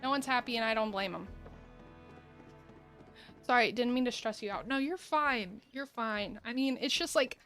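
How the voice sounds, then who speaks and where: A woman's voice: on the high side, moderate pace, pauses often, fairly bright tone, faint music behind. A woman chatting casually through a game stream, rambling, laughing often and talking to her viewers. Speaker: gaming streamer. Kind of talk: casual gameplay commentary.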